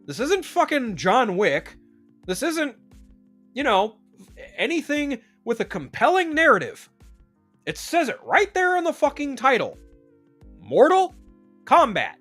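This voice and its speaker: A man's voice: very high-pitched, fairly bright tone. A man streamer giving a casual, profane, emphatic rant about movie news.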